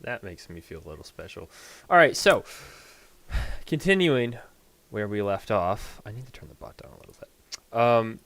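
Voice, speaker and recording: A man acting as game master, narrating a tabletop game in casual chat, laughing often and pausing on fillers. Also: fairly low pitch, gravelly.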